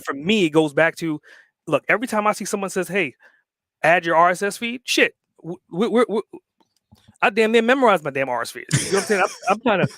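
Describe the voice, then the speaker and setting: A man's voice: high voice, animated, a little fast, fairly bright tone, no echo. Fired-up man cursing for emphasis. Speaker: podcast guest, entrepreneur. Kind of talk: casual podcast conversation.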